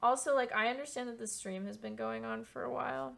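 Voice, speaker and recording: Young woman with vocal fry, rambling. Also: fairly high pitch, fairly even intonation, a little fast, fairly bright tone. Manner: rambling, candid, swears casually. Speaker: streamer. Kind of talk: casual chat while painting on stream.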